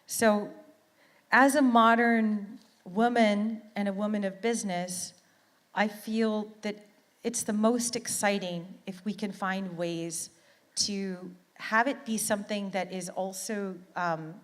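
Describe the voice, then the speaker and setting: A woman's voice: mid-range voice, steady tone, slow pace, big-room sound. A middle-aged woman from Canada giving an earnest, heartfelt motivational talk as a conference speaker, often repeating words for emphasis.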